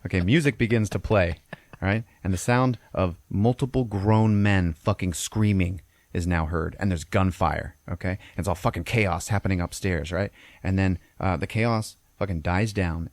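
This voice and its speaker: A man's voice: sits low, a little mellow, no room sound. A man hosting a podcast, recapping a film in a casual, profane way and checking in with "okay?" after nearly every beat. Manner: profane, peppers lines with "okay?". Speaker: podcast host.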